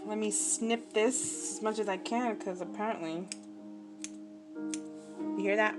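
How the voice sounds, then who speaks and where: A woman's voice: mid-range voice, slow pace, pauses often. Chatty self-mocking woman sewing. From New Jersey, USA. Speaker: crafting vlogger. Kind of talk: casual chat while sewing. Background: background music.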